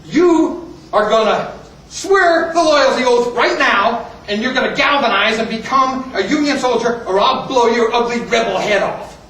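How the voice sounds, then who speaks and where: A furious, pompous colonel, as a man puts him on, barking threats in a loud, bright voice. The sound is very echoey, the speaker far off. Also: very high-pitched, lively intonation, moderate pace, pitched above the performer's own voice, full character voice.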